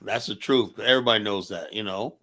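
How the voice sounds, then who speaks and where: A man's voice: on the low side, a little fast, bright, forceful tone. An American man hosting a casual talk show, speaking emphatically and often tagging lines with "you know?". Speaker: show host.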